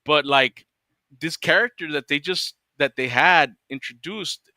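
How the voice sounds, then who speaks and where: Bright-voiced, ranting man host. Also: on the high side, measured pace, no echo. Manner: profane, ranting, laughs often. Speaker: podcast host. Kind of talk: casual chat.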